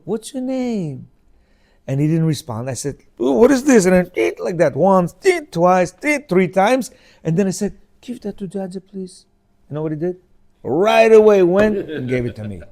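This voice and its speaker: Animated man in his fifties, higher voice. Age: 50s. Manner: animated storyteller, acts out dialogue in changing voices; asks listeners rhetorical questions. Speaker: religious class teacher. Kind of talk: informal religious class talk.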